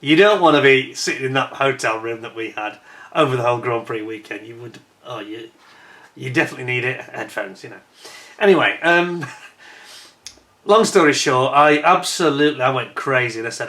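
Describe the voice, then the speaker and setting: Bright-voiced chatty British-born man. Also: mid-range voice, animated, a little fast. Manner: chatty, rambling, self-correcting, indignant when retelling complaints. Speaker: vlogger. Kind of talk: casual storytelling over photos.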